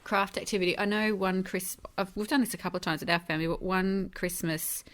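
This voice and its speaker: A woman's voice: mid-range voice, steady tone. A woman co-hosting a podcast, casually sharing family anecdotes and laughing often. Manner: laughing, anecdotal, quick asides. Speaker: podcast co-host. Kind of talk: casual chat.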